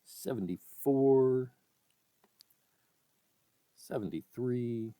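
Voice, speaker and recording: A man vlogging a coin roll hunt, reading out dates one by one in a casual murmur and breaking into excited exclamations. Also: mid-range voice, drawn-out words, dry recording. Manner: reads dates aloud one by one, often quietly, with excited exclamations. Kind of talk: casual commentary while sorting coins.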